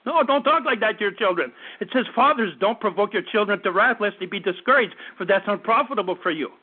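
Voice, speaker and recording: A man's voice: high-pitched, expressive, fast, husky. A man in his fifties preaching a fervent sermon, often stumbling and repeating words as he goes. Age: 50s. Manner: fervent, repetitive preaching with stammered restarts. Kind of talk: radio sermon. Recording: tinny phone-like radio broadcast.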